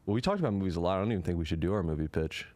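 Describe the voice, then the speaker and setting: A man's voice: low-pitched, animated, racing, darkish tone, no room sound. A man co-hosting a comedy podcast, riffing in casual chat and slipping into joking put-on voices. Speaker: podcast co-host.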